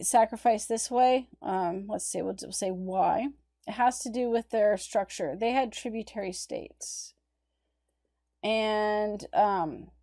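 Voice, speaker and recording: A woman's voice: mid-range voice, warm tone. A woman art history instructor giving a conversational recorded lecture, talking through images on her slides. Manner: conversational, explaining images on screen.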